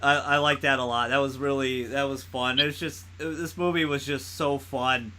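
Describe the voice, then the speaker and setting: A man's voice: mid-range voice, fairly even intonation, normal speed, bright, forceful tone. A man co-hosting a podcast, rambling through a casual movie chat with lots of laughing and swearing. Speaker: podcast co-host.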